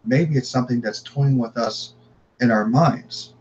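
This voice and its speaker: A man telling paranormal stories in casual conversation, halting and repeating words as he goes. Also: medium pitch, a little mellow. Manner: halting, repeats words, acts out family dialogue. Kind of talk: casual storytelling. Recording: dull lo-fi sound, faint noise.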